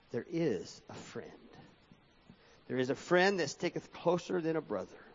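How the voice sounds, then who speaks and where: A man delivers a sermon in a swooping, sing-song preaching cadence, his voice sitting a little high and leaping up and down. He reads verses aloud between points. The sound is dull and lo-fi, with a long reverb trailing off the walls of the hall. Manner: sing-song preaching cadence, rising and falling sharply, reading scripture aloud.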